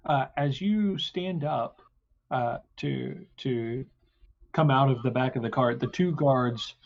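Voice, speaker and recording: Man game master, mid voice, halting, muffled audio. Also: mid-range voice, vocal fry, slight background noise. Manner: halting, many fillers. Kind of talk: narrating a tabletop game.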